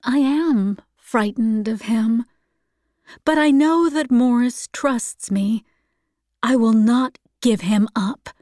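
A woman voicing a shy, earnest young woman, speaking quietly and sometimes near a whisper. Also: fairly high pitch, slow, no echo, clean studio sound.

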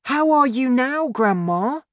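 A woman's voice: sits high, lively intonation, slow pace, a bit bright, no echo, pitched above the performer's own voice, heavily acted. A woman voicing a kind, eager young boy in a storybook reading, calling out anxiously.

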